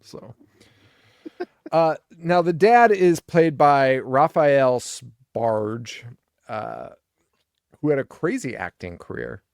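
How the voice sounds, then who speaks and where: Young man, podcast co-host, gravelly, casual and profane, acts out characters, dry close mic. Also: mid-range voice, animated, takes it slowly, pauses often, no room sound. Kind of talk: casual movie-review chat.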